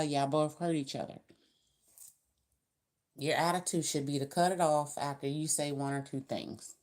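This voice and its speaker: A woman's voice: sits low, fairly even intonation, normal speed, a little mellow. A woman giving a casual tarot reading to camera, talking in a chatty, colloquial, rambling way. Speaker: tarot reader.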